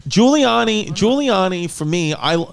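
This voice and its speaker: A man hosting a podcast, excitable and jumping in with quick questions. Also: sits high, vocal fry, clean tone. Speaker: podcast host. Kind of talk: casual podcast chat.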